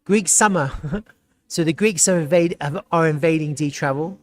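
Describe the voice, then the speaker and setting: A man hosting a live stream, chatting casually and reacting with excitement and frequent laughter as he browses. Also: on the high side, normal speed. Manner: excitable, laughs often, thinks aloud while browsing. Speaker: livestream host.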